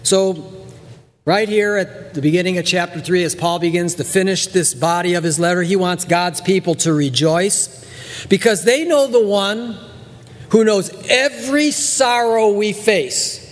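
High-voiced animated male pastor preaching. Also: unhurried, big-room sound. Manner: animated preacher, acts out voices, repeats words for emphasis. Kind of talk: sermon.

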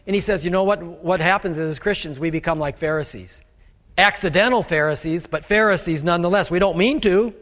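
A man preaches a sermon to his congregation with animated delivery, slipping into the voices of the people he quotes. His voice sits high for a man. The sound rings with the long reverb of a large hall. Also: moderate pace. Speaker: pastor.

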